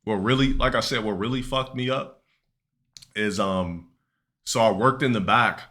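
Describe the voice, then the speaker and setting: A man's voice: fairly low pitch, moderate pace, pushed and bright. A young man streaming live, telling a long, rambling, profane story to his chat with many restarts and fillers.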